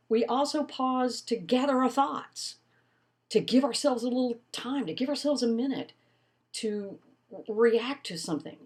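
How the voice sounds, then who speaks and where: An older woman giving a recorded college lecture, teaching in an expressive way with lively emphasis. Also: mid-range voice. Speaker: college instructor.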